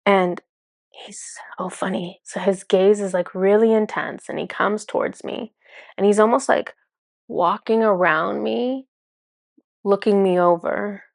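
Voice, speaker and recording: A woman's voice: mid-range voice, fairly even intonation, measured pace, gravelly, no room sound, studio quality. A woman speaking as a spiritual channeler in a casual, enthusiastic monologue full of fillers. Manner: chatty, filler-heavy, enthusiastic.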